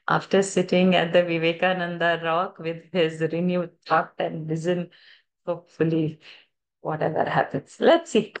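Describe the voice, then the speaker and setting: Chatty woman teaching an online class. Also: fairly low pitch. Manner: chatty, laughs often, trails off mid-sentence. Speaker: scripture chanting class teacher. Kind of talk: casual online class chat.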